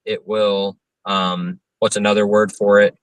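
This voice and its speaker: Earnest young preacher explaining scripture. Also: male voice, lowish voice, little pitch movement, measured pace, clear, resonant tone, dry recording, recorded from a distance, low-quality recording. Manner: earnest, explains at length with fillers and restarts. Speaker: interview guest, open-air preacher. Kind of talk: explanatory interview answers on theology.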